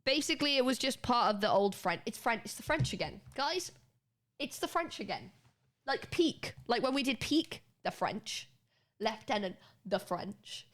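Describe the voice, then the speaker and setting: A young British woman streaming and chatting casually with her chat, animated and quick to laugh, with casual swearing. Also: fairly high pitch. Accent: British English. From United Kingdom. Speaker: livestreamer.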